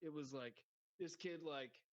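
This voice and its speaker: A man rambles through a film scene in loose podcast talk, filling his sentences with "like." His voice sits fairly high, and the audio sounds a little dull and lo-fi. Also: unhurried. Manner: rambling, laughs often, heavy use of "like". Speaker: podcast guest. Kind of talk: casual movie discussion.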